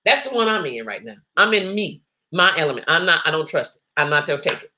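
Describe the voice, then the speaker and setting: Bright-voiced woman hosting a live chat. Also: low voice, big pitch swings, fast, slight background noise. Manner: chatty, laughs often, many restarts. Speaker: host of a live online show. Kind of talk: casual live-stream chat reading comments.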